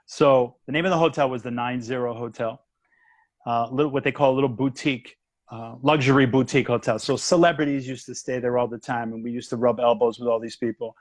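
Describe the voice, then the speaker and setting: A man, a guest comedian, telling a story in a casual chat, animated and acting out the voices and the punchline. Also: medium pitch, brisk, dry recording. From United States.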